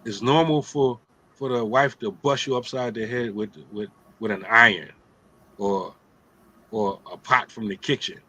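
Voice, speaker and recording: A man's voice: mid-range voice, unhurried, sharp tone, low-quality recording. A middle-aged man hosting a casual religious talk, streetwise and joking, often asking "right?". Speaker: host of an Islamic talk show.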